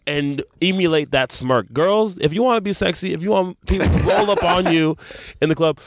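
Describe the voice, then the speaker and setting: A man chatting casually, animated and rambling, swearing and restarting his sentences. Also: high voice, moderate pace, background noise. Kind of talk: casual chat.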